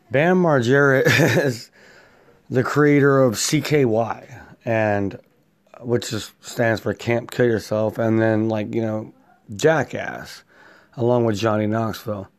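A man's voice: mid-range voice, no room sound. A man hosting his own show, delivering a profane, laughing rant. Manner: loud, swearing, laughing, animated ranting. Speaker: host.

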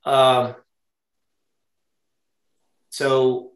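A man at a middle pitch teaching a Torah study class, thinking out loud as he goes. He keeps turning to his listeners with questions and checks like "right?". His voice carries a clear echo from the room around him. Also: little pitch movement, extremely slow. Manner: thinking aloud, quizzing the group. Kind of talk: interactive Torah study lesson.

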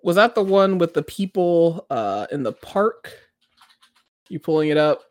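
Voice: mid-range voice, a little slow, no echo. A co-host in a casual chat, telling stories with animation and breaking into squealing impressions of other people. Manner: animated storyteller who mimics others with squeals.

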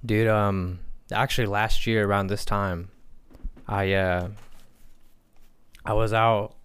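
A man's voice: fairly low pitch, steady tone, slow, a bit bright, clean tone. A young man co-hosting a podcast in casual chat, telling stories with quoted dialogue and a lot of swearing. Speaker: podcast co-host.

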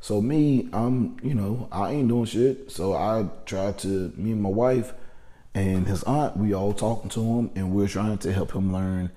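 A man's voice: lowish voice, measured pace, warm tone. A man telling a personal story in a casual, profane, rambling monologue, often restarting his sentences.

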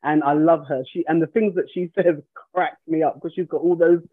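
Fast-talking high-voiced guy on a podcast, jokey, sounds like he's on a tinny phone line. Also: fairly even intonation, slightly rough. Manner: quick, joking, asks pointed questions. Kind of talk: casual podcast chat.

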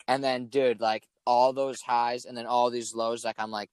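A man's voice: medium pitch, normal speed, clean tone, dry recording. Young man swearing through a story. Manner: swears a lot, animated storytelling. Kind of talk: casual chat.

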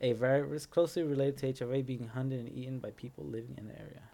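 A young man, blunt and profane, reacting loudly in casual banter. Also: medium pitch, fairly even intonation, fast talker, vocal fry. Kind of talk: casual crude banter among friends.

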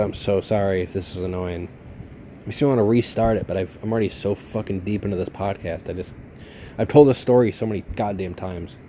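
Male podcast host, late 20s, low mellow voice, loose profane storyteller. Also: a little hiss or hum. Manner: rambling, profane, laid-back. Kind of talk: casual storytelling monologue.

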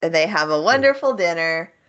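A woman's voice: on the low side, lively intonation, a little fast, fairly bright tone. Woman, podcast co-host, casual recap, frequent laughter, slightly dull lo-fi sound. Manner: laughs often, acts out characters' lines. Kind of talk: casual chat, recapping an anime episode.

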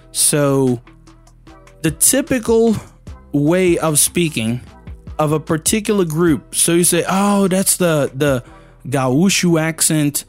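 A language teacher whose first language is Portuguese gives a casual video lesson in a slightly high, darkish voice. He's conversational and emphatic, saying "you know" a lot.

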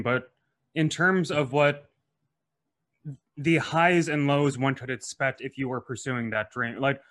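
A man co-hosting a podcast, asking interview questions haltingly and carefully. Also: medium pitch, a bit bright.

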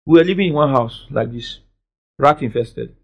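In a medium-pitched voice at a moderate pace, this pastor delivers a sermon that alternates between soft asides and loud declarations, and he calls out for congregational responses.

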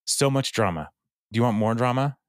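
A man's voice: mid-range voice, animated, brisk, no echo, clean studio sound. A man co-hosting a podcast, casually retelling a sitcom episode by quoting the characters, with fillers and laughs along the way. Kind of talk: casual chat.

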